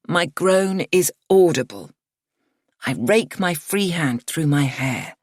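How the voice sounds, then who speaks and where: A woman narrating a first-person thriller audiobook in a measured, expressive storytelling manner. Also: low voice, husky, no room sound, studio quality.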